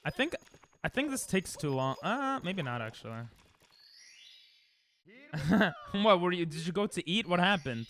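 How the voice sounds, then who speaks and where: Young guy streaming a speedrun, joking around w chat, bright kinda high voice, faint hiss. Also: big pitch swings, a little slow, pauses often. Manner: rambling, joking, talks to chat while playing. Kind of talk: casual live-stream chat while speedrunning.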